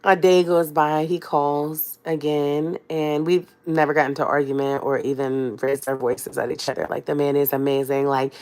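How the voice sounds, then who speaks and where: Young woman, lowish voice, slightly under the weather; casual, dramatic storytime talk straight to her viewers. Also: level tone, moderate pace, few pauses, darkish tone. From Fresno, California. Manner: chatty, dramatic, addresses viewers directly. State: has a cold. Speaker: vlogger.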